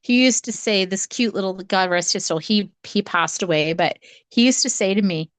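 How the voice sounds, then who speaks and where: Canadian woman, podcast co-host, animated storyteller, dry close recording. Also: on the low side, moderate pace, no room sound. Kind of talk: casual storytelling.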